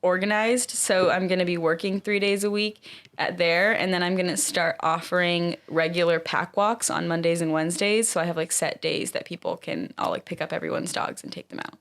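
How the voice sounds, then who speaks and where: A young woman co-hosting a casual podcast chat, talking quickly and filling her sentences with "like.". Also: lowish voice, fairly even intonation, fairly bright tone. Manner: chatty, many "like" fillers. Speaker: co-host.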